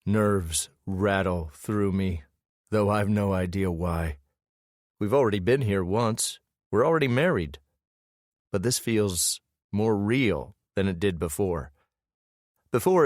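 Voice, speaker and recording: A man reads a romance audiobook in the first person, slow and measured. His voice is low and intimate. It is recorded close and dry. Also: darkish tone, dry recording. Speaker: audiobook narrator.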